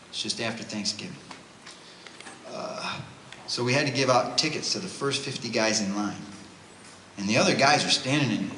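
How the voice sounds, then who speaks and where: A man giving a religious talk to a youth retreat, telling stories in an animated, conversational way. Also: medium pitch. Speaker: retreat speaker, homeless ministry worker. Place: parish hall. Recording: roomy hall with faint noise.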